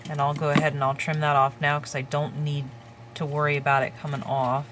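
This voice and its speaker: A woman hosting a crafting tutorial, calmly talking through each step while she works with her hands. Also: low-pitched, noisy background. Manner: calm, unhurried, talks while working with her hands.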